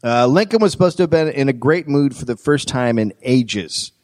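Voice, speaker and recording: A man hosting a live comedy history show, narrating a story with frequent laughter and shouted quotes. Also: medium pitch, lively intonation, moderate pace. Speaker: podcast host. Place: live stage show with audience.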